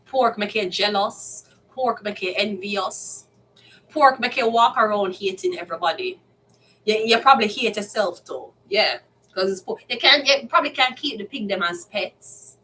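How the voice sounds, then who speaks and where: A woman's voice: mid-range voice, normal speed, bright, forceful tone. A woman with a Jamaican accent, a tarot card reader, ranting bluntly and with lots of swearing in a casual monologue. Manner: blunt, profane, heated. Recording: distant mic, faint background noise.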